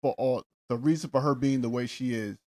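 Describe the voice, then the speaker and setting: A man's voice: mid-range voice, a little fast, mellow. A man co-hosting a podcast, recapping reality TV in a laid-back, wry way. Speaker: podcast co-host. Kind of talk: casual chat recapping reality TV.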